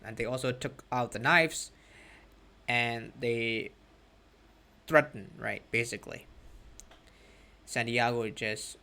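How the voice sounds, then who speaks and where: A man's voice: mid-range voice, slow pace, gravelly, pauses often, pushed and bright, clean tone. A man from Myanmar, an English teacher explaining a story to students and often checking in with "right?".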